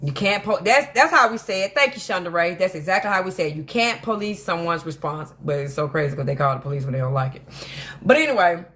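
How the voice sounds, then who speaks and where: A woman hosting a casual commentary monologue, telling stories in an animated, emphatic way that rambles with frequent restarts. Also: fairly low pitch, quick pace. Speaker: host of a drama commentary channel.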